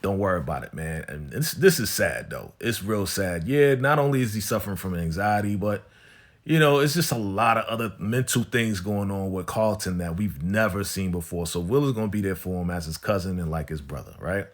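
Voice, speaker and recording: A man's voice: on the low side, lively intonation, normal speed. A man casually recapping a TV episode in a laid-back, slang-filled way, often tagging his lines with "right?" and "you know".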